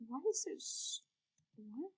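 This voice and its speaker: A woman's voice: a little high, animated, slow pace, a little mellow, husky, rough recording. A woman giving hesitant, casual commentary while playing a video game, full of fillers and whispered asides. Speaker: gaming video creator.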